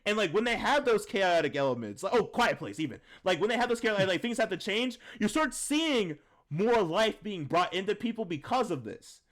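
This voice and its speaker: A young man co-hosting a film review chat, rambling and slangy, saying "like" constantly and getting excitable. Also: high-pitched, normal speed. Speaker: podcast co-host reviewing a film. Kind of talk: casual chat.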